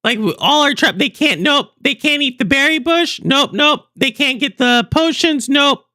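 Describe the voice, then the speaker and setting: A woman's voice: sits high, expressive, moderate pace, pushed and bright. A young woman hosting a livestream, rambling and chatting with viewers, laughing often. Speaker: livestream host. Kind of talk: casual stream chat.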